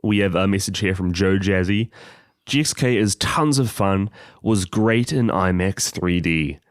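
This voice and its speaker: A man's voice: sits low, unhurried, no echo, studio quality. A man co-hosting a podcast in casual chat, bantering in a playful, giggly way. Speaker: podcast co-host.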